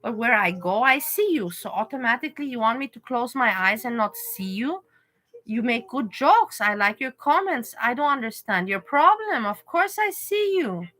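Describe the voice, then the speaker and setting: A woman's voice: on the high side, lively intonation, normal speed, pushed and bright. A woman, hosting a casual livestream and talking to her viewers, pleading and reasoning with one of them. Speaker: livestream host.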